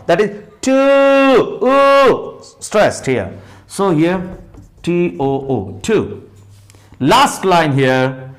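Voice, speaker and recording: Male English teacher, Indian English accent, high and lively pitch, spells out words and answers his own questions. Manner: spells words letter by letter and counts sounds aloud. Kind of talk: phonetics lesson.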